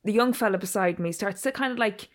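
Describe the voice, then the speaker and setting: Woman, co-host, casual chat, animated storytelling, acts out voices. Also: medium pitch, fast talker.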